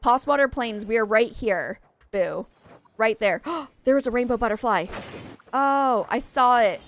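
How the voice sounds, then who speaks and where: A young adult woman chats casually while streaming a game live, rambling along with lots of exclamations and restarts. Her voice is on the high side and animated, and she talks a little slowly.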